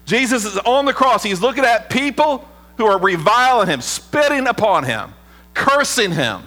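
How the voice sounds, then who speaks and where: A man preaching a sermon as pastor, earnest, often dropping low and quiet for emphasis. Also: animated, normal speed. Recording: long hall reverb with mains hum.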